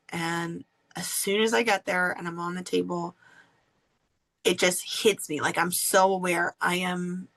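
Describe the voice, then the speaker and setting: A woman hosting a podcast, candidly telling a personal story in an animated way and laughing often. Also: fairly low pitch, vocal fry, poor audio. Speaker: podcast host.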